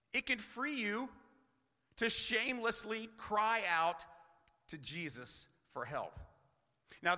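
Bright-voiced male pastor preaching in a hall. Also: sits high. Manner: earnest preaching with rhetorical questions. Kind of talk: sermon.

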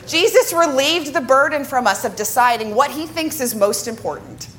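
Lively woman teaching in a church. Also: high voice, normal speed, faint music behind. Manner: lively, jokes with the congregation. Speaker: worship director. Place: church sanctuary before a congregation.

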